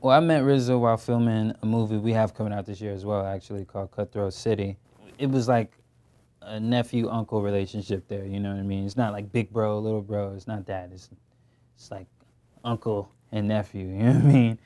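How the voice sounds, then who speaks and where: Relaxed young man with a dark voice. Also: fairly low pitch, a little fast. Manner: relaxed, slangy, many fillers. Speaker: actor guest. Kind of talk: casual interview. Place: interview studio.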